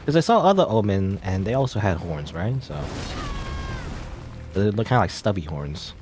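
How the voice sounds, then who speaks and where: A man hosts a let's play, musing aloud as he plays and joking about himself in a casual, rambling manner. His fairly low voice swings widely in pitch at normal speed, with music in the background.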